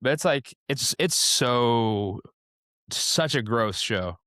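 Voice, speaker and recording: A young man hosting a casual chat, talking quickly with lots of fillers and ranting. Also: medium pitch, animated, sharp tone, no room sound, clean studio sound. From Indiana, USA.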